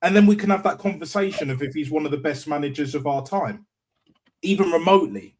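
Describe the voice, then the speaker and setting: A man's voice: fairly high pitch, quick pace, a little mellow, a little hiss or hum. A man ranting bluntly in a heated football call-in, stumbling over repeated words and swearing. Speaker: call-in panelist.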